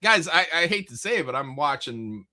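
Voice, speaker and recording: A man's voice: a little high, sing-song, moderate pace, pushed and bright. A man hosting a casual live stream, rambling through chat messages with frequent jokes, laughs and swearing. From American Midwest.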